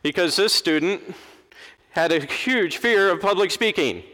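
A middle-aged preacher delivers a lively sermon, pitched a little higher than most men. He acts out the people he quotes. His voice carries a long reverb from a large church. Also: measured pace. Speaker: Episcopal preacher.

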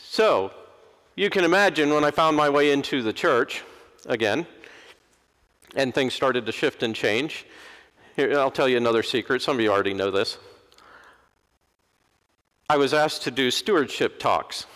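A middle-aged man, an Episcopal preacher, giving a lively sermon and acting out the people he quotes. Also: mid-range voice, normal speed, long pauses. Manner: animated, acts out quoted voices. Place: large church. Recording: long church reverb.

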